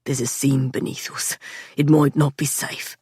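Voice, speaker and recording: A woman voicing a stern, desperate young man leading a mine rescue, speaking low, clipped and strained. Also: level tone, measured pace, mellow, husky, dry recording, studio quality, full character voice. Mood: tense. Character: stern, desperate young male miner leader.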